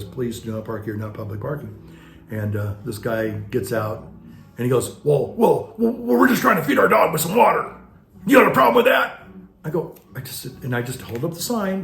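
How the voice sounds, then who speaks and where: In a roomy, echoing space with faint music behind him, a man speaks in a mid-range, dark voice. He's a parish priest musing casually over stories, full of restarts and side comments.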